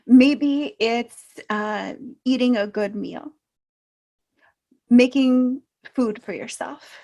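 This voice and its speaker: Speaking unscripted to the camera, a woman acting as a self-help coach sounds reflective and gently encouraging, pausing often. Her pitch is fairly high, with vocal fry.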